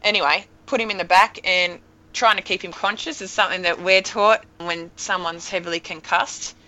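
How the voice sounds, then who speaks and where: A woman in her thirties, a podcast guest telling an emotional story in a lively, animated way. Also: mid-range voice, normal speed, highs cut off, a little hiss or hum. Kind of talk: casual storytelling.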